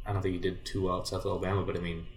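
A young man from Southern California tells stories from his baseball days with a lowish voice. He talks in laid-back slang, says "like" and "dude" constantly, swears mildly, and his voice leaps up when he acts out what he said. The room gives the sound a roomy echo. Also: flat delivery, very fast. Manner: jumps high and loud when quoting himself. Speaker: guest, former baseball player. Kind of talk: casual storytelling chat.

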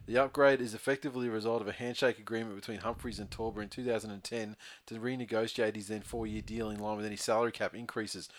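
A man's voice: fairly low pitch, slight background noise. A man co-hosting a sports podcast, talking in a blunt, argumentative, sweary way. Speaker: podcast co-host. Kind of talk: casual sports chat.

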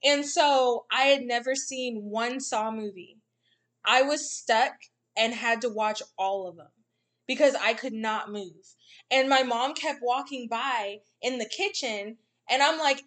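A young woman chats casually on a podcast with a high, bright voice. She laughs through her story and slips into the voices of the people in it. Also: moderate pace. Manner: animated, laughing often, acts out quotes.

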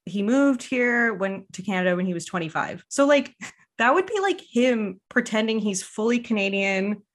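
A woman's voice: medium pitch, expressive, normal speed. A woman from Quebec co-hosting a podcast, chatting casually with many "like"s and frequent laughter. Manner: chatty, lots of "like", laughs often. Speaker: podcast co-host. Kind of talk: casual chat.

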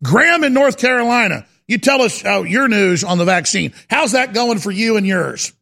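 Gravelly high-voiced talk radio host. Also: male voice, animated, moderate pace, sharp tone. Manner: sarcastic, mocking, reads headlines aloud. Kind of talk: heated call-in radio monologue.

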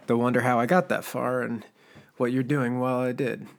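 Gravelly scheming old cook, read by a guy, sly and needling, storybook voice. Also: mid-range voice, steady tone, brisk, close to an everyday voice. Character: scarred, scheming disgraced male cook. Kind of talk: audiobook character voice.

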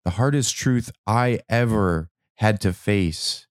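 A man giving a reflective motivational talk about anger and change, slow and emphatic, repeating words and now and then swearing. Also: on the low side, no echo, studio quality. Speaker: self-help speaker.

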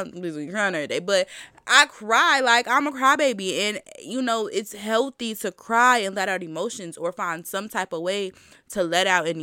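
A woman's voice: on the low side, fairly bright tone, dry recording, studio quality. Emphatic woman giving casual pep talk. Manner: emphatic, preachy, repeats points for stress; informal, slangy, addresses listeners directly. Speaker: vlogger. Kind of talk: casual motivational talk to camera.

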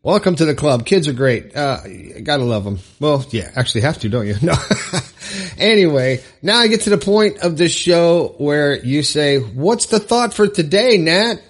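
A man's voice: fairly high pitch, lively intonation, normal speed. A man hosting his own motivational podcast alone, talking casually and upbeat with frequent fillers and asides. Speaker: podcast host. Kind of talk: solo motivational podcast monologue.

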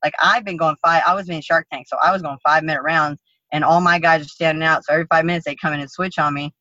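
A woman guest in an interview, telling a story casually in a blunt, profane, animated way. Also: low voice, quick pace, dry recording, lo-fi sound. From United States. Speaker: interview guest, MMA fighter.

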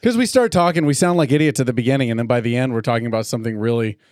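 A man co-hosts a casual whiskey-tasting podcast and rambles along with a running string of jokes at his own expense. His voice sits at an ordinary pitch and is captured close up in a dry room. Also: very fast, a little mellow, dry recording. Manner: joking, rambling, self-deprecating. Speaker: podcast co-host.

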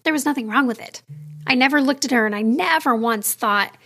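A high-voiced woman in her thirties hosts her own podcast alone. She speaks candidly and chattily, straight to her listeners, as if confiding in friends. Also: a little fast, a bit bright, breathy edge. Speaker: podcast host. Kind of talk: solo podcast monologue.

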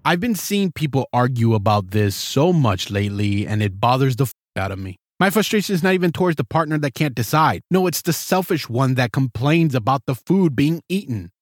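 A man's voice: medium pitch, big pitch swings, brisk, hardly any pauses, no room sound, studio quality. A man hosting a relationship talk show, speaking bluntly and heatedly, swearing often. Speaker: podcast host. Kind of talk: acted couple skit with commentary.

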